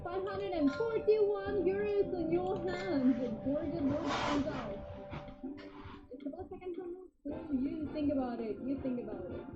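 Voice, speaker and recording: A woman's voice: very high-pitched, expressive, normal speed, heavy background noise. A woman hosting a live game show, announcing results upbeat and greeting players by name. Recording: roomy, dull studio sound with music. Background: music.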